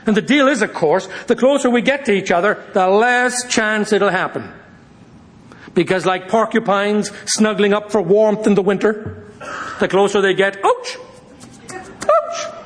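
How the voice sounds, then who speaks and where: High-voiced lively preacher. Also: male voice. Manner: lively preaching, shifting between quick asides and slow emphasis. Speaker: pastor. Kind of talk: sermon.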